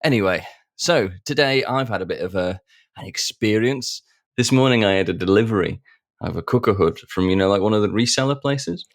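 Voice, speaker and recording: A man's voice: on the low side, expressive, fairly quick, no echo, clean studio sound. A man co-hosting a podcast, joking and laughing his way through casual banter. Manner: jokey, self-mocking, laughs often. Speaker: podcast co-host.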